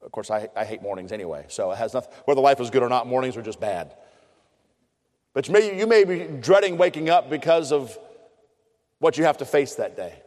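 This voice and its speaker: A man's voice: mid-range voice, lively intonation, a little fast, darkish tone. A middle-aged man preaching a sermon, telling a story in an earnest, conversational way. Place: chapel. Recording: long hall reverb.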